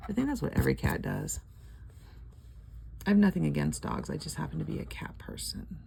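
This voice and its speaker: A woman's voice: low-pitched, big pitch swings, fairly quick, creaky, pauses often, mellow, a little hiss or hum. An older woman chatting casually and rambling at home while scratching lottery tickets, laughing often.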